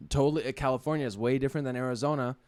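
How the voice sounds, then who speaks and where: A man's voice: medium pitch, very fast, no echo. A man co-hosting a podcast in casual, jokey chat, rambling through ideas with filler words. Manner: jokey, rambling, lively intonation. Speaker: podcast co-host.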